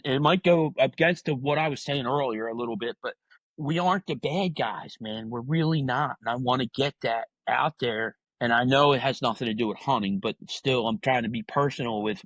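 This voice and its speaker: A man's voice: mid-range voice, slightly rough, no room sound, rough recording. A man, talking candidly and earnestly as a podcast guest, often tacking "man" onto his sentences. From New Jersey. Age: 50s. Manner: earnest, heartfelt, repeats "man" often, many restarts. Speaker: podcast guest, retired correctional officer. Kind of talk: candid personal interview talk.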